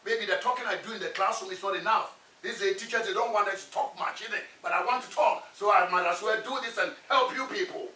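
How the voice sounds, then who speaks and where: High-voiced man giving an emphatic pep talk. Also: fast talker, pushed and bright, far from the mic. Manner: emphatic, repetitive, asks the audience questions. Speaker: motivational speaker to students. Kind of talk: motivational talk. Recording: echoey room, voice from afar.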